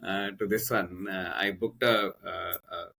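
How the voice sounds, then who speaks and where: A man with an Indian English accent tells a personal story on a podcast. His voice is bright and forward in tone. He rambles and backtracks, with plenty of fillers and restarts. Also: low voice, fairly even intonation, a little slow, gravelly, husky. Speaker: podcast guest, coach. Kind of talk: casual conversational storytelling.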